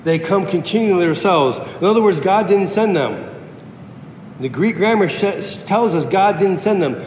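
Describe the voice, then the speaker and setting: A man's voice: animated, moderate pace, a little mellow. A man preaching a sermon emphatically, repeating key phrases for effect. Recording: echoey hall with faint rumble.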